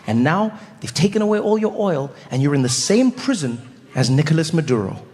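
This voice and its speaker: Animated male stand-up comedian. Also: fairly high pitch, a little fast. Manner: animated storytelling with acted voices. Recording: live hall reverb, faint noise.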